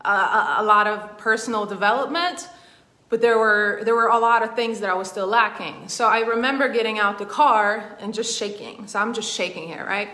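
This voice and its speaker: Woman coach, bright voice, rambling conversational storyteller, roomy echo. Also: mid-range voice, normal speed. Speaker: emotional intelligence coach. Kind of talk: personal story told in a masterclass.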